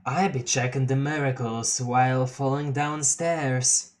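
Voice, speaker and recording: A reader voicing a laid-back clown troll boy who drawls slow rambling rhymes, swears and honks, in a dramatic reading of a webcomic. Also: medium pitch, fairly even intonation, close to an everyday voice. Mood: mellow drawl.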